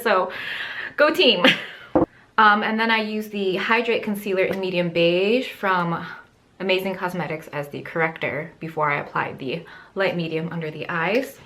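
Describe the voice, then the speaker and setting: A woman's voice: medium pitch, a bit bright. A woman beauty vlogger at home, talking casually and rambling through her skincare and makeup products into a camera mic. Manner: chatty, rambling product run-down with fillers. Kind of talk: casual makeup vlog talk.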